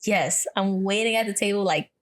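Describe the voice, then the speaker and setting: A woman's voice: medium pitch, moderate pace. Pregnant woman telling stories, laughing. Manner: animated storytelling, laughing often. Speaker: podcast co-host. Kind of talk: casual chat.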